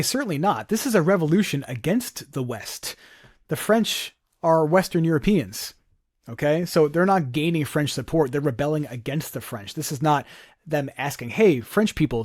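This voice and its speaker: A man's voice: a little high, a little mellow, dry recording, studio quality. A male teacher walking students through exam questions, explaining each step and often checking in with "right?". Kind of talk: exam review walkthrough.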